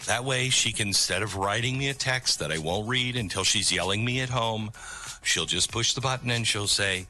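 A middle-aged man with a very bright, forward voice talks to his radio audience in a loose, rambling monologue. He slips in sarcastic asides, and faint music sits under him. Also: lowish voice, animated, normal speed. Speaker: radio show host. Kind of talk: talk radio monologue with live ad read.

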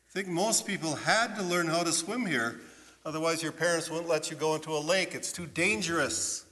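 Pastor guy telling a bible story, animated, asks the kids stuff, slightly high voice, big echoey church. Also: normal speed. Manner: animated, asks listeners questions. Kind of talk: children's sermon storytelling. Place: church sanctuary. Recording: long church reverb.

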